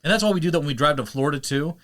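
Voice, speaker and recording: A man hosting a podcast and chatting casually, animated and quick to slip into playful voices; he narrates audiobooks. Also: a little high. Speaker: podcast host. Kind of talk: casual chat.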